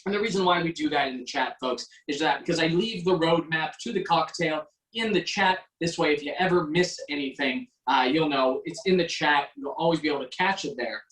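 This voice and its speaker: A man's voice: fairly high pitch, a little fast, hardly any pauses, fairly bright tone, echoey room, distant mic, low-quality recording. A man from Quebec hosting a casual online cocktail class over a video call, joking and chatty with lots of fillers. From Quebec, Canada. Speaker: online mixology class host.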